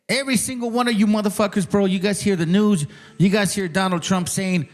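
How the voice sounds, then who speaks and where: A man's voice: high voice, fairly even intonation, a little fast, soft background music. Heated, profane man ranting at viewers. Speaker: channel host. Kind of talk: ranting commentary on a clip.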